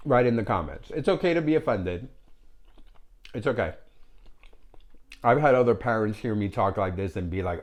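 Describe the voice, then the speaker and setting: Man with a fairly low voice, host of a home food vlog, candid and jokey with his viewers, slips Spanish phrases into his talk. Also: animated, moderate pace. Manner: candid, joking, chatty with viewers. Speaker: food vlogger. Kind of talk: casual mukbang vlog to camera.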